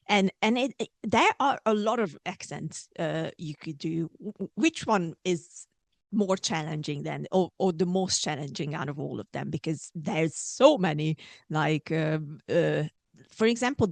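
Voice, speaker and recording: A woman host asks her questions with lots of hesitation, fillers and restarts. Her voice is a bit low, and the recording is dry and close, with no room sound. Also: creaky, no echo. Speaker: podcast host. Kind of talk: casual interview chat.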